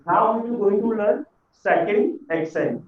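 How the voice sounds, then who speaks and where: A man teaching a beginners' French lesson, patient and repeating words slowly for learners. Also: high-pitched. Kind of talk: classroom lesson explanation. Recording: echoey room, dull lo-fi sound.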